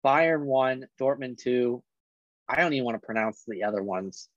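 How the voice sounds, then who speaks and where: A man co-hosting a casual sports podcast, running through league standings in a halting way with fillers. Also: mid-range voice, animated, dry recording. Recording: dull lo-fi dry sound.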